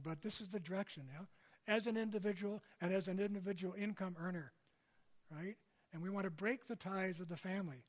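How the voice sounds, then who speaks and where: Higher-voiced older man lecturing. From Canada. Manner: conversational, frequent tag questions. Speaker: speaker. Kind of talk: public lecture.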